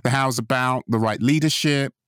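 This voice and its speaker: A man's voice: medium pitch, a little fast, fairly bright tone, smooth, dry recording. Confident emphatic man, dry sound. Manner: confident, emphatic, repeats key phrases. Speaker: podcast co-host. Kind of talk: pitching ideas in conversation.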